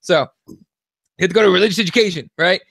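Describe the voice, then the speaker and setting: A man co-hosting a casual comedic podcast, telling profane stories in an animated way. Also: high-pitched, fast, dry recording, clean studio sound. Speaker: co-host.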